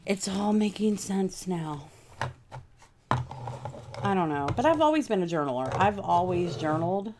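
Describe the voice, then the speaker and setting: A woman's voice: medium pitch, slight background noise. A woman hosting a casual crafting livestream from home, rambling chattily and answering viewers' comments by name.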